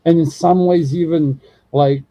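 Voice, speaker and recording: Husky new zealand guy rambling and cussing, dark mellow voice, dry sound. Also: on the high side, fairly even intonation, dry recording, poor audio. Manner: rambling, profane, fast talk with many fillers. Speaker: show host. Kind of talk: casual podcast chat.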